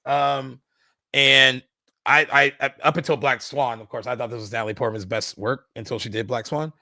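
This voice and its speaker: A man co-hosts a film podcast in easy conversation, his tone bright and forward. He keeps circling back with fillers and restarts as the thoughts come, and the sound is close and dry with no room around it. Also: mid-range voice, steady tone, normal speed, gravelly, no echo. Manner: enthusiastic, many "like" fillers and restarts. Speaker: podcast co-host. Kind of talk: casual film discussion.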